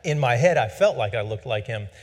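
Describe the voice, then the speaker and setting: A man's voice: mid-range voice, expressive, brisk. A man in his forties telling a rambling personal story with self-deprecating humor. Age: 40s. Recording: long reverb.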